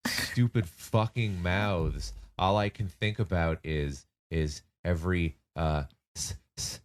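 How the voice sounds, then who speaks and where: A man voicing a bitter young male necromancer who grumbles in a halting, resentful way. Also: sits low.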